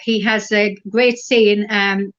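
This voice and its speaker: A middle-aged Irish woman chats as an interview guest, gentle and meandering, her thoughts looping back with "as I said." Her voice sits at an ordinary middle pitch. The recording is dull and a bit lo-fi. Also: little pitch movement, slow pace. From Ireland. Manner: gentle, rambling storyteller with many fillers. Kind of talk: casual interview.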